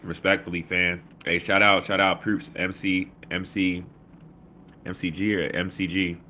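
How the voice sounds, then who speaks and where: Low, bright-voiced man. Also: flat delivery, a little slow, slight background noise. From Baltimore. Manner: loose, slangy, reads chat comments aloud with shout-outs. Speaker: livestream host. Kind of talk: casual livestream chat.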